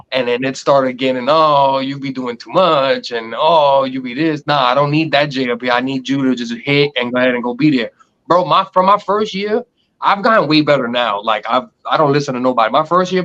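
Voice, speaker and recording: On a casual podcast, a co-host with a medium-pitched voice talks a little fast, telling stories in an animated way. He acts out what others said, and the audio has a dull lo-fi quality.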